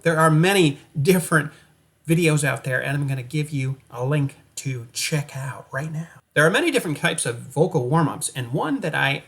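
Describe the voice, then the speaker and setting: A man coaching actors in an energetic, playful talk straight to the viewer. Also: on the high side. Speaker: acting coach. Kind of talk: coaching monologue to camera.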